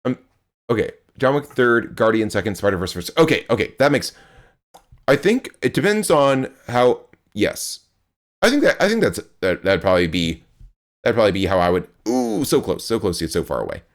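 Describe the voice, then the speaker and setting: A man's voice: fairly low pitch, very animated, normal speed. A young man streaming a game live, chatting with his viewers in a rambling, playful way and grunting as he plays.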